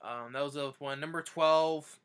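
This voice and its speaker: A young man chats through a countdown of his favorites, rambling and backtracking mid-sentence. His voice sits a little high and sounds bright and sharp. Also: fairly even intonation, moderate pace, clear, resonant tone. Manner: rambling, restarts sentences often. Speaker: fan vlogger. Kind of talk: casual countdown retelling.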